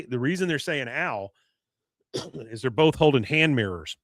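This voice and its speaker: A man, a podcast co-host, recapping an episode in a rambling, casual way; his voice is going hoarse and he keeps clearing his throat. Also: medium pitch, lively intonation, a little slow, fairly bright tone, no echo, studio quality.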